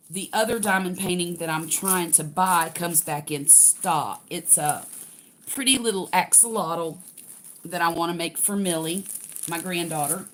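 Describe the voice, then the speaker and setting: A woman's voice: on the low side, a little hiss or hum. An older woman, chatting casually to livestream viewers while unboxing a craft kit.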